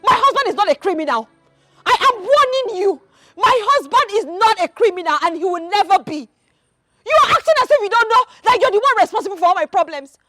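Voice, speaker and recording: An actress playing a fierce, loyal young wife with a Nigerian accent, shouting and accusing in a film drama. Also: female voice, extremely high pitch, expressive, a little fast, soft background music. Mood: furious. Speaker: wife defending her husband.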